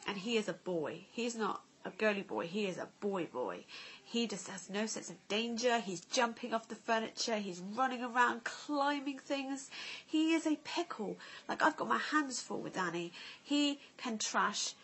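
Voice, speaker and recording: A woman's voice: on the high side, lively intonation, moderate pace, fairly bright tone, slightly rough. A woman, a mother vlogging at home, chatting candidly to camera with lots of "like" and "you know". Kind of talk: casual chat to camera. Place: family home.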